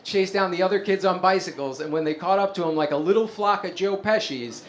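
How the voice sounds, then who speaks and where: A man from Staten Island doing a stand-up comedy set in a club, wry with deadpan asides. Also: sits high, a little fast. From Staten Island, New York.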